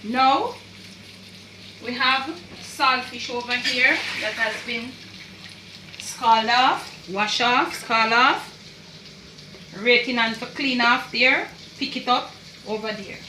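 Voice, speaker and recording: Slightly high and pushed, with a bright tone, this Jamaican woman takes her time and pauses often, amid slight background noise. In her home kitchen she gives a chatty, repetitive cooking demonstration sprinkled with Jamaican creole. She's far from the mic in an echoey room, a pan sizzling as food fries.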